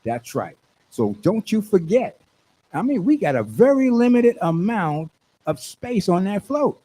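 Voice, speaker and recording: An older man, a radio station manager hosting his talk show, hyping an event with exuberant, preachy shouts. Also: high voice, a little slow, slightly rough. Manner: exuberant, preachy call-and-response, shouts when excited. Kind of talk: hyped radio promo talk.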